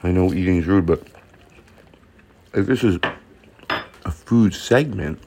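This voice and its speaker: A man's voice: low voice, takes it slowly, noisy background. A middle-aged man, a comedian, chatting casually and rambling while he cooks and eats at home, recorded on a propped-up phone. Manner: rambling, self-interrupting, with mild swearing. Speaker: comedian hosting his own show. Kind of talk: casual chat while cooking and eating. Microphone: phone propped up nearby.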